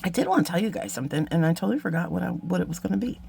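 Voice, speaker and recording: A woman hosts a beading tutorial in a casual, chatty way. She mocks herself and mutters asides while working, and her voice has a gravelly, creaky texture. A faint hum sits behind her. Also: fairly low pitch, animated, rapid-fire, a little mellow. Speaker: beading channel host. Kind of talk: casual craft tutorial chat.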